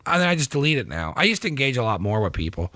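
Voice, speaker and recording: A man hosting a casual podcast chat, a profane, animated storyteller who acts out the rants he quotes. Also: mid-range voice, racing, dry recording. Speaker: podcast host.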